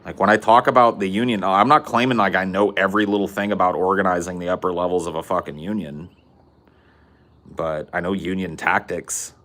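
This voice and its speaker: A man's voice: deep voice, fairly even intonation, a little fast, fairly bright tone. A man from Central California with a Californian accent, chatting casually on a podcast, loose and profane, with lots of "like"s. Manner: loose, profane, rambling with many "like"s. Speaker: podcast co-host.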